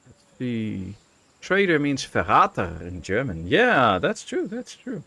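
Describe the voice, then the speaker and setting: A man's voice: medium pitch, normal speed, gravelly, dry recording. A man from the Netherlands streaming a colony-building game, chatting casually with his viewers and musing aloud with lots of fillers. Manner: relaxed, musing, thinking aloud with many fillers. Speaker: gaming streamer.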